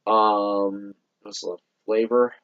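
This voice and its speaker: A young man co-hosting a soda review with his father, hoarse from a cold, agreeable and quick to chime in. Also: on the low side, flat delivery. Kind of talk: casual chat. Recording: dull lo-fi sound.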